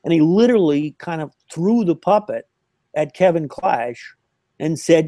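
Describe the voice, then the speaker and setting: Speaking a little slowly in a fairly high voice, an older puppeteer guest tells animated anecdotes, laughing along, in a casual interview over a remote call. There's no room sound.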